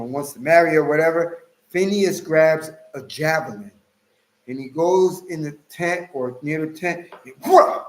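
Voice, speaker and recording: A man giving an impassioned, casual religious monologue, swinging between loud outbursts and low mutters. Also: echoey room, poor audio. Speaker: religious commentator.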